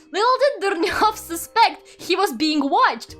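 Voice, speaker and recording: A woman's voice: very high voice, very animated, measured pace, few pauses, fairly bright tone, faint music behind. A young woman from Russia, a streamer, reading a book aloud and chatting with her viewers, incredulous, swearing casually and laughing often. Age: young adult. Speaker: VTuber streamer.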